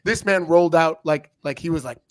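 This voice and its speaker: A man's voice: a little high, a little fast. A man co-hosting a wrestling review show, swearing freely and acting out the people he talks about. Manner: profane, animated, mimics people, laughs often. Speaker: podcast co-host. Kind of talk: casual wrestling review chat.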